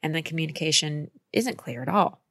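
Woman, coach, direct and emphatic, raspy fry in the voice, dry sound. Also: low-pitched, animated, a little fast, a bit bright, no echo. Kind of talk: advice conversation.

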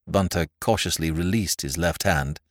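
A man narrating a classic mystery novel in a lively, dramatic reading style. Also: low-pitched, moderate pace, dry recording, studio quality. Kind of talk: audiobook narration.

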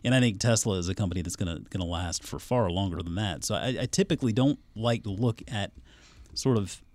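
Male analyst guest, low voice, dry sound, thoughtful and hedging. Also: a little mellow, no echo. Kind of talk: casual chat.

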